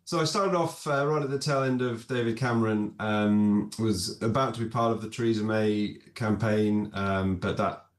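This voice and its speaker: Low-voiced male pundit on a roomy line. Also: moderate pace, hardly any pauses. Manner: relaxed, hesitant, many ums and uhs. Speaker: political commentator, former special adviser. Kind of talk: casual discussion.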